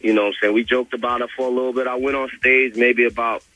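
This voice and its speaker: A man's voice: mid-range voice, fast, highs cut off. Profane young man telling a story. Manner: animated, profane, full of "like" and repeats. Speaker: guest calling in to a radio show. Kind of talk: casual storytelling on a radio call.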